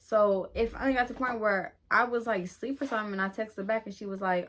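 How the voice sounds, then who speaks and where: A woman's voice: medium pitch, fairly even intonation, a little fast, few pauses, a bit bright, a little hiss or hum. A young adult woman vlogger in a chatty, slangy storytime who laughs at herself. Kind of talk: casual storytime.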